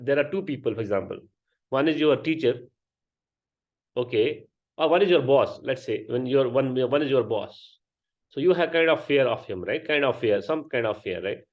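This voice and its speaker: A man's voice: medium pitch, expressive, moderate pace. A man teaching a grammar class, explaining step by step and often checking with students. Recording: dull lo-fi sound.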